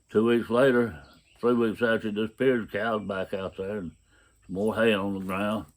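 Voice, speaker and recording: Low-voiced man telling his testimony. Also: steady tone, fairly quick. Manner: folksy, plain-spoken, acts out dialogue in his story. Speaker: person giving a testimony. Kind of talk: personal testimony storytelling.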